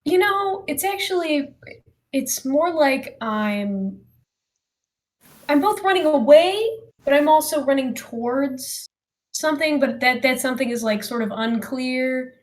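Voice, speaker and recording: Woman player, rambling and deadpan, voice a bit high. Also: unhurried. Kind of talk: casual in-character chat at a tabletop game.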